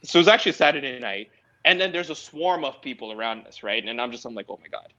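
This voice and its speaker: A man's voice: medium pitch, lively intonation, fast talker, pushed and bright. A man, a guest DJ, telling loose, profane stories with laughs in a casual podcast interview. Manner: laid-back, profane, laughing storyteller. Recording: slightly dull lo-fi sound.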